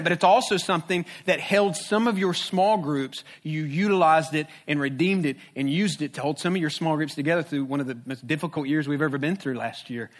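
Male pastor, sermon, fairly high voice, conversational, humorous, rhetorical questions. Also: a bit bright.

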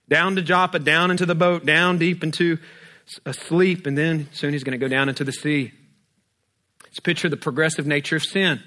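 Preaching man with a higher voice. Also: pushed and bright. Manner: rhetorical questions, humorous everyday asides. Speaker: pastor. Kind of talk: sermon.

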